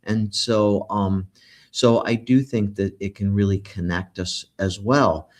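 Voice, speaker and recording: A man's voice: on the low side, steady tone, slow. Reflective man hosting a talk show. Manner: warm, reflective, many fillers and restarts. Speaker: podcast host. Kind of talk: conversational interview.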